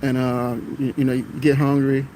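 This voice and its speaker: A bus driver telling a rambling story on a live stream, repeating himself and greeting viewers as they join. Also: male voice, mid-range voice, completely flat delivery, normal speed, heavy background noise. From Florida, United States.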